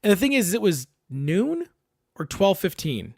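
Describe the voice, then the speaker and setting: A man's voice: high-pitched, measured pace, gravelly, breathy edge, no echo, clean studio sound. A man co-hosting a podcast, telling a story in casual chat, acting out voices and swearing freely. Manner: animated storytelling, acts out voices, swears a lot. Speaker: podcast co-host.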